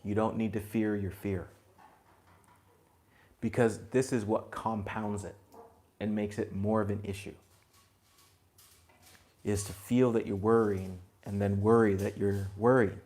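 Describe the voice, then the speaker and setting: A man giving a spiritual talk to a group, gentle and reflective, chuckling now and then and dropping in blunt asides. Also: on the low side, level tone, a little slow, long pauses. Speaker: spiritual teacher.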